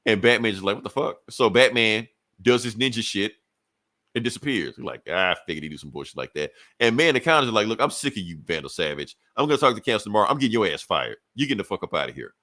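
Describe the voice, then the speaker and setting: A man co-hosting a podcast, recapping a comic book in a rambling, profane way and slipping into quick voices for the characters. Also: on the low side, animated, bright, forceful tone, no room sound.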